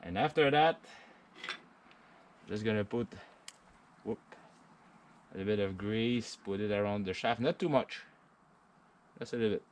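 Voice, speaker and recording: A middle-aged man with a French accent, explaining a hands-on chainsaw repair in a halting way, with many fillers and restarts. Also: on the low side, a little hiss or hum. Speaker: vlogger.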